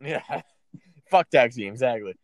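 A man co-hosting a casual wrestling podcast, speaking haltingly and laughing now and then. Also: mid-range voice, expressive, no echo. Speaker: podcast co-host. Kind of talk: casual chat about wrestling.

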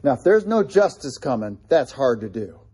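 Warm husky-voiced male preacher. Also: mid-range voice, big pitch swings, moderate pace. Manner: earnest preaching, repeats key phrases for emphasis. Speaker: pastor. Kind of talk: sermon.

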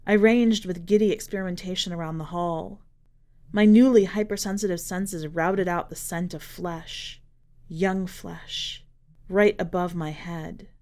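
A woman narrating a dark short story for a fiction podcast in a measured, dramatic reading style. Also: on the low side, fairly even intonation. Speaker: podcast editor and reader.

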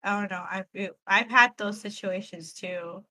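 Soft-spoken hesitant young woman. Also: medium pitch, moderate pace, poor audio. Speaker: podcast co-host. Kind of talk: casual chat.

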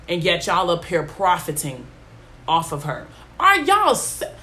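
A young woman talks off the cuff, blunt and rambling, her pitch swinging widely from low mutters to sharp highs. A faint hiss of noise sits under the recording. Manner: blunt, rambling, goes on tangents. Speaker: podcast host. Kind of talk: casual monologue.

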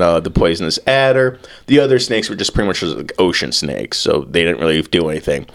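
A man co-hosting a podcast, rambling and joking with plenty of profanity. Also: deep voice. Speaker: podcast co-host. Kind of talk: casual comedic chat.

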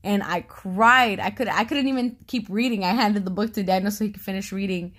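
A woman in her thirties chatting casually as a podcast co-host, talkative and quick to laugh. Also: medium pitch, fairly bright tone. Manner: chatty, laughs often, talks a lot. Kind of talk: casual conversation.

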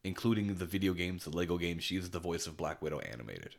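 Deep-voiced man chatting enthusiastically. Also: expressive, fast, creaky. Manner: rambling, enthusiastic, many restarts and fillers. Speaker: podcast co-host. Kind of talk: casual chat.

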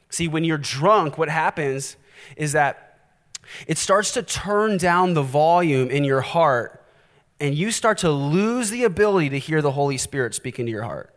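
A male pastor preaching a sermon, animated and direct, challenging his listeners. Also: fairly high pitch, normal speed, in a large hall.

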